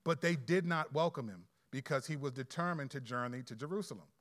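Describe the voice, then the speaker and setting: A man preaching a sermon in a conversational, animated way with quick asides. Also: mid-range voice. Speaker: pastor.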